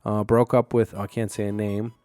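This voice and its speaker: A man's voice: on the low side, level tone, brisk, mellow. A man hosting a solo podcast, telling stories in a rambling, profane way full of fillers and restarts. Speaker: podcast host.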